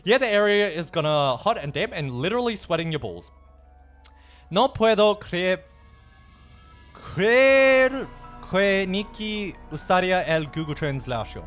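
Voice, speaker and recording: A man with a high, very lively voice chats casually with his stream audience, swinging his pitch up and down as he goes. He swears freely and tosses in Japanese phrases. Faint music plays behind him. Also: brisk, hardly any pauses. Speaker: livestreamer. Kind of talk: casual livestream chat.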